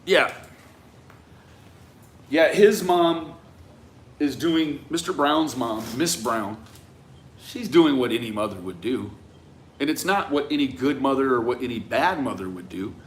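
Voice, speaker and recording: A man talking through a case in a reflective, conversational monologue, often tagging his points with a questioning "right?" and trailing off into quiet asides. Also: medium pitch, expressive, measured pace, long pauses, a little hiss or hum. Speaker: commentator on a true-crime case. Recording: roomy echo with faint ambience.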